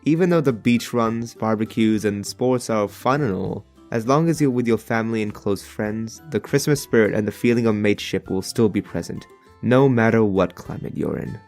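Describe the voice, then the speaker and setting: A man with an Australian accent telling a humorous animated story in an expressive, jokey way that bursts into exasperated rants. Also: on the low side, moderate pace, soft background music.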